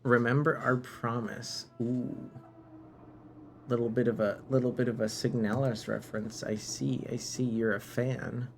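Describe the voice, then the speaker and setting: A man's voice: mid-range voice, flat delivery, normal speed, vocal fry, a little mellow, a little hiss or hum. A man streaming a game live, musing aloud and bantering playfully with viewers.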